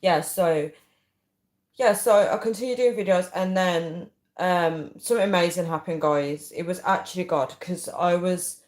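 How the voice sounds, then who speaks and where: Woman, low voice, casual livestream chat, rambling, frequent ums, echoey room. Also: normal speed, darkish tone. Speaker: livestream host. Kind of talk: casual live chat, reading viewer comments.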